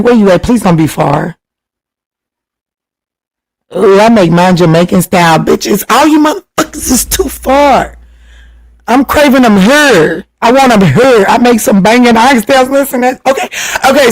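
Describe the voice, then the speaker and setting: A man hosting a tarot livestream, chatting casually and teasingly with viewers while reading their comments, laughing often and jumping up in pitch when excited. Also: poor audio. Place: home livestream.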